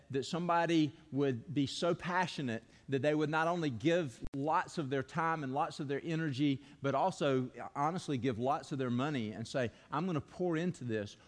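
A man preaching a sermon as pastor, telling stories earnestly and leading the congregation in call-and-response. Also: on the high side. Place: church sanctuary. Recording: long hall reverb.

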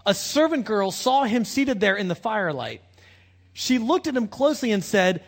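A man's voice: high-pitched, big pitch swings, moderate pace. A man pastor giving a conversational, self-deprecating sermon, dropping into slang and casual asides.

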